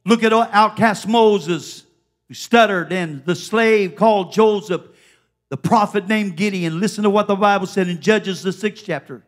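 A woman's voice: medium pitch, unhurried. A woman preaching a fervent Pentecostal sermon at a church service, exhorting the congregation. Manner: fervent, exhorting, with repeated calls of "come on".

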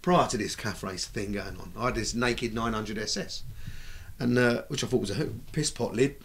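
A middle-aged British man telling stories in a casual chat, lively and swearing freely as he acts out what people said. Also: on the low side, moderate pace. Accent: British English. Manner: animated, acts out quoted dialogue, swears freely. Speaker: bike builder, guest. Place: recording studio.

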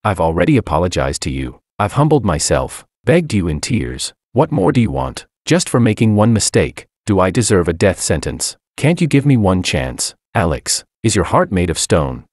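A man's voice: deep voice, sing-song, moderate pace, hardly any pauses, darkish tone, dry recording, clean studio sound. A man reading as a pleading young wife.

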